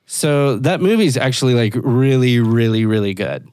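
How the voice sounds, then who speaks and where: A man's voice: mid-range voice, expressive, moderate pace, darkish tone, clean tone, dry recording, studio quality, faint music behind. A man co-hosting a podcast in casual chat, agreeable and swearing casually. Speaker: podcast co-host.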